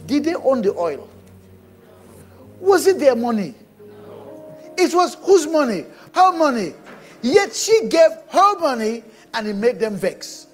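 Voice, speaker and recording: A man preaching a sermon, animated and bursting into shouts. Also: very high-pitched, slow pace, long pauses, faint music behind. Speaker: pastor.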